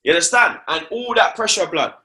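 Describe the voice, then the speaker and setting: A man's voice: high-pitched, lively intonation, fairly quick, pushed and bright. A young man, talking football on a casual podcast, slangy and repeating himself for emphasis.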